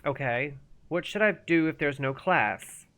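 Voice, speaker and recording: Her voice sits low and a little bright, animated yet at a measured pace. Streaming a game live, this woman keeps up relaxed, playful chatter and speaks directly to the characters on screen.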